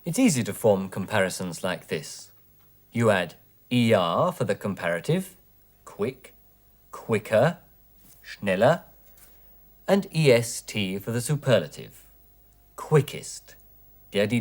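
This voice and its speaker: A man teaching English in a scripted 1980s television lesson, speaking clearly and deliberately through word drills. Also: fairly low pitch, very animated. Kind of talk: slow, scripted language lesson. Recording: 1980s educational television recording.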